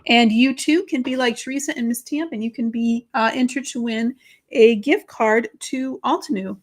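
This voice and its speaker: A woman's voice: a little high, normal speed. A woman with a Boston accent hosts a live crafting demo, chatting and greeting viewers by name as she works. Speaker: crafting live-stream host.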